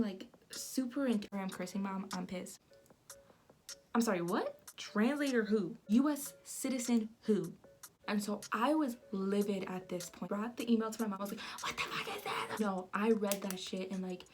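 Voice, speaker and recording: A young woman telling a casual storytime vlog, animated and profane, acting out what people said. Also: mid-range voice. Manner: animated, profane, acts out quotes. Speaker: vlogger.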